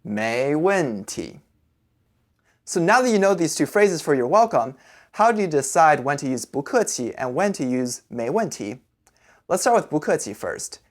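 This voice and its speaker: In a mid-range voice, a male teacher walks through a language lesson, carefully explaining every sound. He says syllables slowly and repeatedly for learners to imitate.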